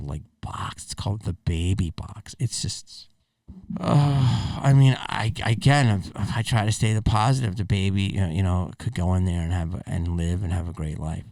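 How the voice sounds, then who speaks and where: A man's voice: low voice, gravelly, a little mellow, no echo, studio quality, far from the mic. A man hosting a podcast, reacting to clips in a blunt, rambling, profane way. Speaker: podcast host. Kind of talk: casual reaction commentary.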